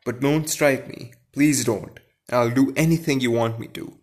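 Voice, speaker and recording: A man's voice: mid-range voice, normal speed, a little mellow, slightly rough, natural voice. A man voicing a timid old male wizard who speaks meekly in a trembling voice. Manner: trembling, meek.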